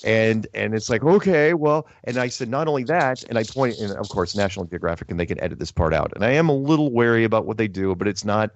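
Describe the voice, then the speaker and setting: A man chatting casually, telling an animated story that is full of restarts and quoted lines. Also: on the low side, fast, few pauses, dry recording. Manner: animated storytelling, quoting others, many restarts. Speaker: podcast host. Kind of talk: casual chat. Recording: dull lo-fi audio.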